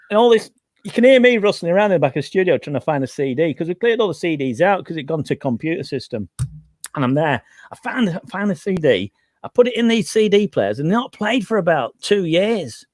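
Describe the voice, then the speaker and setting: A man, a radio presenter, telling an animated anecdote and laughing as he goes. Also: sits high, a little fast, no echo, clean studio sound. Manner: animated, laughs through his story, mimics others. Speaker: quiz co-host and radio presenter.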